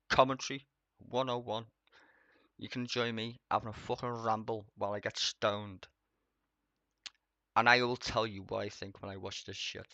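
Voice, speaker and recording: A young man rambles through sarcastic, expletive-heavy political commentary on a live stream. His voice is bright and forward, recorded dry and close on a slightly dull, lo-fi mic. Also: mid-range voice, no room sound.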